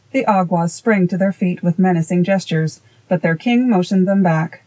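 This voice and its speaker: A woman host reading a classic children's story aloud in a calm, measured storybook narration. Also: on the low side, dry recording, poor audio. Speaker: audiobook reader and podcast host.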